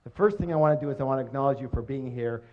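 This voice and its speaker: A middle-aged man giving a live motivational seminar, energetic and jokey, constantly quizzing his audience on a dull lo-fi recording. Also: medium pitch, rapid-fire, a little hiss or hum.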